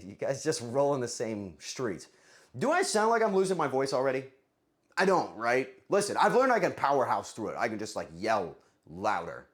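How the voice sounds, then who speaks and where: A male streamer in relaxed live-stream chat. His pitch swings widely as he talks. He is profane and teasing, and he goofs around with the audience. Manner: profane, joking, thanks chat for subs. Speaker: livestream host. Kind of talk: casual livestream chat.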